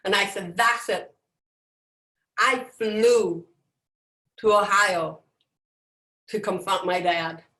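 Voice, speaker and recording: A middle-aged woman giving a personal motivational talk, emphatic and dramatic, with deliberate pauses, over a video call. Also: medium pitch, fairly even intonation, pushed and bright. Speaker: motivational speaker. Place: indoors, at home on a video call. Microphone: video call microphone. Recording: roomy echo.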